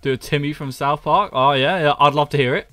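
A man's voice: fairly high pitch, a little fast, sharp tone, dry recording, soft background music. A man from the UK, chatting casually and self-mockingly with viewers on a live stream. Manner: joking, self-mocking, reads chat aloud. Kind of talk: casual chat with viewers while gaming.

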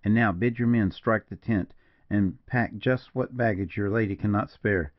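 A man voicing a grave frontier partisan major who speaks slowly and mournfully, in a dull, dry recording. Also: fairly low pitch, no echo, close to an everyday voice. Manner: slow, mournful, measured.

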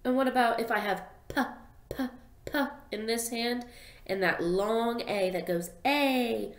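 A young woman teaching a phonics lesson to small children, sounding out letters slowly and in a sing-song way. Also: fairly high pitch, vocal fry. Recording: echoey room.

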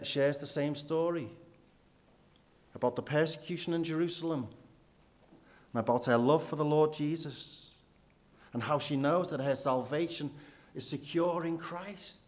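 A man, preaching a sermon in church with rhetorical questions, dropping low and quiet for emphasis.

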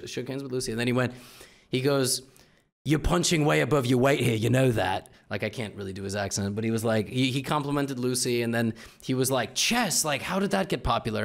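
A young man casually telling a funny story to his viewers, chatty and animated. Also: medium pitch. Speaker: chess streamer.

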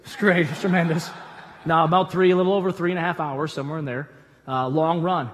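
High-voiced pastor preaching in a reverberant church. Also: male voice, fast talker, slight background noise. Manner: animated storytelling with humorous asides. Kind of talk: conversational sermon. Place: church auditorium.

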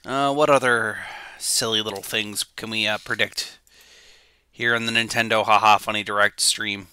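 A man's voice: lowish voice, steady tone, moderate pace, bright, forceful tone, clear, resonant tone, dry recording. A male streamer joking around on a live reaction stream, rambling with goofy asides.

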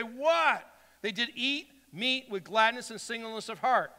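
Pastor, male, high bright voice, preaching in a church with a long hall echo; loud then hushed. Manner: swings from loud exhortation to quiet asides, acts out quotes. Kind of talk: sermon. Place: church sanctuary.

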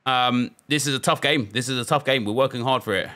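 Man, young adult, gameplay commentary, bright tense tone, excitable, frustrated self-talk. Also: medium pitch, fairly quick. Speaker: video game streamer.

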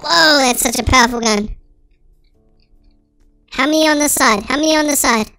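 Chipmunk-filtered let's-play host, excitable and dramatic, very high and piercing. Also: moderate pace, clean tone, dry recording, faint music behind. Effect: sped-up chipmunk voice filter. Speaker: gaming channel host. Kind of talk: let's-play gameplay commentary.

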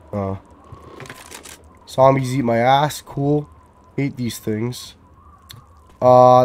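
A man's voice: medium pitch, darkish tone. A young man from Canada, giving casual, profane commentary as he plays and talks to himself. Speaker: gamer.

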